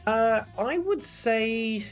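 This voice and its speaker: Excitable, chatty male game streamer. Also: very high-pitched, drawn-out words, faint music behind. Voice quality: excitable, chatty, jokey, often chats with viewers. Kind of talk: casual game-stream commentary.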